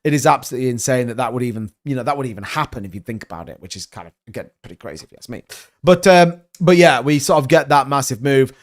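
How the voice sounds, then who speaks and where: A man giving casual crypto market commentary, animated and emphatic, rambling from point to point. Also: mid-range voice, fast talker.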